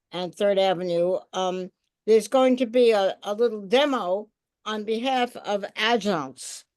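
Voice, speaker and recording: A woman's voice: mid-range voice, a little mellow, no echo. A woman making an announcement at an online union meeting, correcting herself as she goes and using fillers. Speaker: union member.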